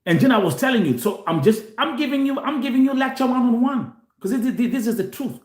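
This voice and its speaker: A man's voice: extremely high pitch, animated, fast, reverberant. A man from Kenya hosting a show, talking animatedly to viewers and switching between Swahili and English, often repeating himself. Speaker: host. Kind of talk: live show monologue to viewers.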